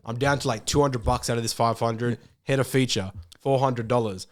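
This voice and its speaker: Brief: young Australian man, podcast guest, quick rambling storyteller who swears freely. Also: mid-range voice, steady tone. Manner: rambling, swears a lot, acts out his own thoughts. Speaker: guest musician.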